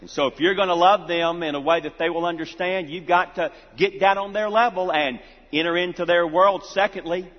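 A man's voice: high-pitched, fairly even intonation, a little fast. Male pastor, sermon, emphatic, repeats lines, dull lo-fi sound, long echo. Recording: reverberant hall, dull lo-fi sound.

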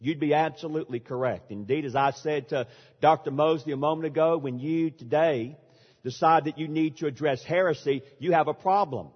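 High-voiced man preaching in a reverberant church. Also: brisk. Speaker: pastor. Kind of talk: sermon. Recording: dull reverberant church recording.

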